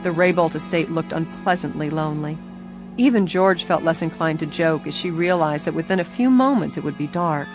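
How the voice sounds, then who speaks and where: A woman narrating an audiobook in a measured, expressive storytelling manner. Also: sits low, over music.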